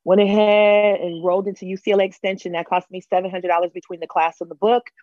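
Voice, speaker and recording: A woman in her thirties from Los Angeles, telling her story as an interview guest, animated and acting out other people's lines. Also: mid-range voice, fast, dry recording, dull audio.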